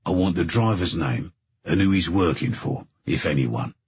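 Man doing a tired, terse boss: low, husky, commanding, dry and muffled recording. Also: normal speed, no room sound, heavily acted. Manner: curt, flat, commanding. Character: weary middle-aged man, a boss giving orders. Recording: dull dry narration recording.

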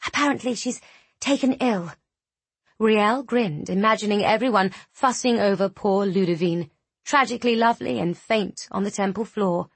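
A woman narrates a story in a husky, breathy voice. Her reading is even and steady. The recording is dry and close, with no room sound. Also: medium pitch, normal speed, no echo. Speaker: audiobook narrator. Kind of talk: scripted narration.

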